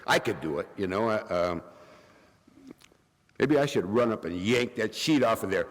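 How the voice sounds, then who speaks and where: A middle-aged man telling a comic recovery story at a meeting, rambling with wry jokes and fillers, a little hoarse and coughing from bronchitis. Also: lowish voice, animated, moderate pace, pauses often. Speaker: AA speaker. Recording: long reverb of a hall.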